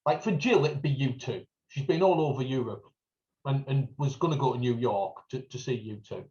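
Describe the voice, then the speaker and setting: A man's voice: mid-range voice, normal speed, darkish tone, lo-fi sound. A man with a North East English accent, co-hosting a podcast and telling jokey stories. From North East England. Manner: storytelling, jokey, acts out greetings in a raised voice. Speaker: podcast co-host. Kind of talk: casual chat.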